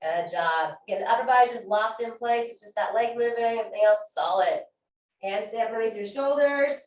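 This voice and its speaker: A female fitness instructor cues a core workout class in an upbeat, encouraging, chatty way. Her voice is fairly high with a darkish tone, and she talks a little fast, picked up by a distant mic in an echoey room.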